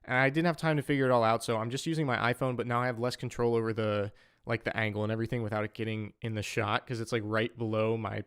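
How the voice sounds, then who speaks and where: A young man chats casually with his livestream audience and greets viewers by name, rambling loosely as he goes. His voice is smooth and clear, with a mid-range pitch. It is recorded close and dry, with no room echo. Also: flat delivery, fast talker, fairly bright tone. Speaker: streamer and musician.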